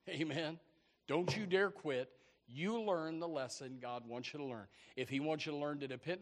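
Animated preacher man in a hall. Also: mid-range voice. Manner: animated, repeats words, acts out Bible characters. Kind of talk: sermon. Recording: echoey hall.

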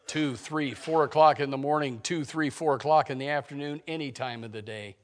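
This man preaches as a pastor at a slightly quick clip, his delivery rising to loud declarations and dropping to hushed, low remarks as he asks the congregation rhetorical questions.

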